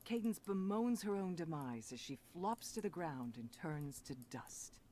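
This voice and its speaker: A game narrator giving scripted narration in a measured storybook manner. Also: mid-range voice, big pitch swings, noisy background.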